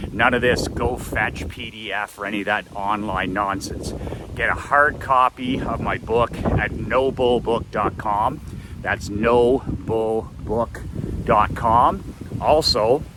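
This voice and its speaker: A man hosting a walk-and-talk video outdoors, pushing his products in an emphatic, repetitive motivational style. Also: medium pitch. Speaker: host. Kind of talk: walk-and-talk sales pitch. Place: outdoors at home, walking. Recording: outdoor noise with passing traffic.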